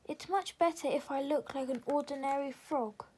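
A woman's voice: sits high, normal speed, a little mellow, slight background noise, close to an everyday voice. A woman doing a polite frog footman. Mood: formal. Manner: courteous, formal.

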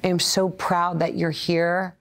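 A Brooklyn, New York woman in her 60s, a former player and coach, tells stories as an interview guest in a conversational way. Her voice is lowish with a flat delivery and measured pace, and she acts out the voices of the people she quotes.

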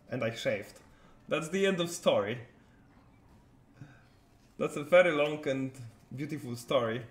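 There are long pauses in this streamer's medium-pitched, slightly slow delivery as he plays a card game live. He chats loosely and answers his viewers' messages while playing, recorded with a roomy echo.

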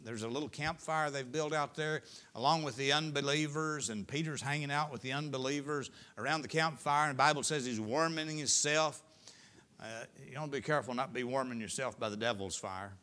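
A middle-aged male pastor preaching a sermon in a folksy storytelling way, rising to loud peaks and dropping to hushed lines. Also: medium pitch, a little fast. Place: church sanctuary.

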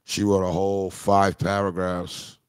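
A man's voice: low-pitched, monotone, a little slow, clean tone, dry recording, clean studio sound. A man hosting a live-streamed music review, talking in crude, mocking, joking banter. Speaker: host.

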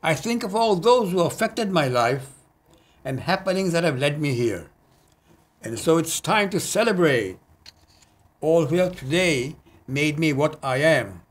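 A man with a somewhat raised pitch recites his own poetry. His delivery is earnest and measured, and he pauses for hesitant asides between poems. He is reading in a community TV studio. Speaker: poet.

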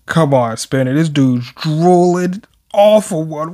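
Slangy, slow-talking young man reviewer. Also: on the high side, expressive, dark tone. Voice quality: slangy, profane, joking. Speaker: manga reviewer. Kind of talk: casual chapter reaction.

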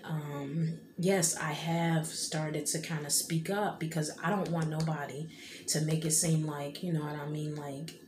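A woman's voice: low-pitched, level tone, a little slow. A woman in her thirties talking casually and tearfully to her viewers, rambling with many fillers. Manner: rambling, many fillers and "you know what I mean". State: tearful, emotional. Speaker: vlogger. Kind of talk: casual heartfelt vlog talk. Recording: echoey room with background noise.

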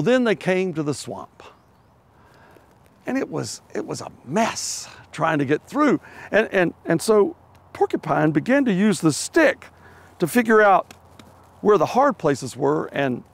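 A man's voice: fairly high pitch, big pitch swings, a little slow, creaky, long pauses. A middle-aged man preaching a sermon, telling a children's animal story with playful voices before turning to its lesson. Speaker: pastor.

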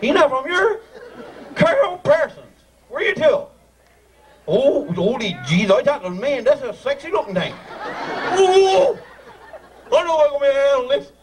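At a live community ceremony, a man with a very high voice and a Newfoundland accent keeps up joking, teasing emcee patter in broad dialect. The background is noisy, captured from a distant mic above the crowd.

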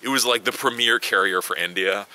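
A man hosting his own video channel, telling a travel story as casual chat, animated and swearing now and then. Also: lowish voice, fairly quick. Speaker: tech video host.

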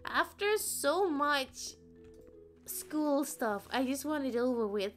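Woman streaming a game, bouncy pitch all over the place, goofy rambly chatter. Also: animated, takes it slowly, soft background music. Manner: playful, rambling, sings little ditties. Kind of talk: casual gameplay chat.

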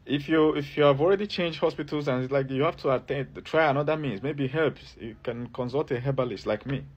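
A man's voice: medium pitch, a little fast, husky, lo-fi sound. A man who works as a herbalist, giving health advice straight to camera in an emphatic, repetitive way and keeps asking the viewer to look and listen. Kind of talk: direct-to-camera advice video.

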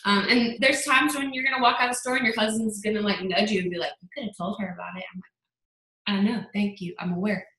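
A young adult woman giving a chatty motivational talk on a sales team call, telling stories with lively quoted asides. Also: medium pitch, a little fast, reverberant, low-quality recording.

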